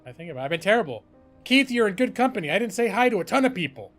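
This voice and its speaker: A man talks through his game on a live stream, rambling and chatty, poking fun at himself as he goes. His voice sits a little high. Faint music plays underneath. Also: sing-song, very fast, a bit bright. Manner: rambling, chatty, self-deprecating. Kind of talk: casual gaming stream commentary.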